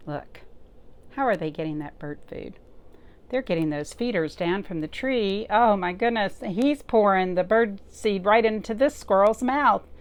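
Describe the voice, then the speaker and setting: A woman librarian reading a picture book aloud to children, pausing often to point things out and ask them questions. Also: mid-range voice. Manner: slow, expressive, pausing to talk to young listeners.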